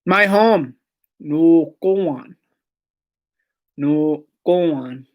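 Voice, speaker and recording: Language teacher, vocabulary drill, slow unhurried delivery, repeats each word, occasional whispered repeats, patient explanations, middle pitch. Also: dull audio. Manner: says each word several times slowly, sometimes softly or in a whisper; explains pronunciation patiently with short asides. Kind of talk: language lesson, repeating words for learners.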